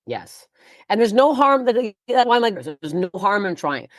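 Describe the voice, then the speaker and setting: A woman's voice: medium pitch, sing-song, normal speed, dry recording, studio quality. A woman comedian talking bluntly and profanely in a casual podcast chat, rambling with frequent restarts. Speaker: guest comedian.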